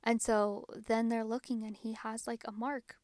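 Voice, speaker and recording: A woman's voice: a little high, level tone, moderate pace, a little mellow, dry recording. A woman podcast host casually retelling a paranormal investigation, chatty and full of fillers.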